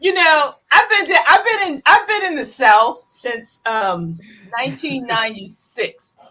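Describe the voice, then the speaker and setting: A woman's voice: high-pitched, a little slow, sharp tone. A woman from New York with a New York accent, co-hosting a casual sports talk show, telling stories chattily with frequent laughs and repeated coughing. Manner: chatty storyteller, laughs often. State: coughing, throat irritated. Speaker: co-host.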